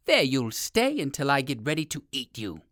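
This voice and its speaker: A man's voice: mid-range voice, huge pitch swings, moderate pace. Man doing a mocking, savage alligator. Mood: menacing. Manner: taunting, shouting threats. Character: big savage male alligator, menacing and mocking. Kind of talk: storybook reading.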